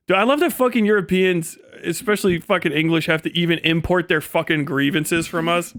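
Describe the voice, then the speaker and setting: A man's voice: fairly high pitch, a little fast, hardly any pauses, a bit bright, dry recording, studio quality. Laid-back swearing man streaming live. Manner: laid-back, swears a lot, laughs often. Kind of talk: casual livestream chat.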